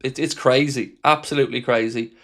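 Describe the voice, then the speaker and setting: Guy running a fan livestream, chatty and animated, reads out chat comments and answers folks by name. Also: mid-range voice, brisk. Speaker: host of a fan live stream. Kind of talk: casual live-stream chat reading viewer comments.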